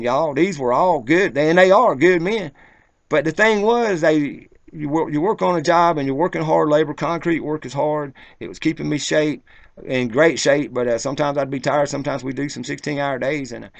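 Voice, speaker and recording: A man with a gravelly voice, set a bit high, rambling through a personal story in loose, profane street talk. He speaks to the camera casually, and the sound is dry and close. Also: a bit bright, no room sound. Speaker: vlogger. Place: outdoors, then moving inside as rain starts.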